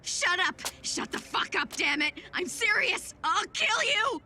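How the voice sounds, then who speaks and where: An actress voicing a foul-mouthed, cynical young female gunslinger in an anime dub, rough and profane. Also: very high-pitched, big pitch swings, measured pace, sharp tone, full character voice. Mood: furious. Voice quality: gravelly, profane, tough. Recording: echoey clip, distant, music behind.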